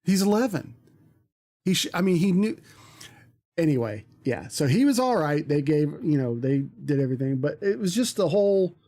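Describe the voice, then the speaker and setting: A man's voice: on the high side, sing-song, moderate pace, warm tone. A man, a streamer, telling a story in casual chat, rambling with many ums and restarts.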